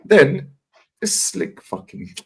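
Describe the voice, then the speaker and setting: A man's voice: on the high side, slow, creaky, husky. A man, telling stories on a fan livestream, swearing often and acting out what others said. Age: 40s. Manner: animated, swears freely, acts out others' lines. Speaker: regular guest on a fan livestream. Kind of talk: casual storytelling chat.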